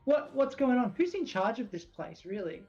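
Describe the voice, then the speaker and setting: A woman playing in character at a tabletop game, talking in an indignant, rapid rant. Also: a little high, sing-song, dark tone, dull audio, soft background music. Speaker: player. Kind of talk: in-character tabletop role-play.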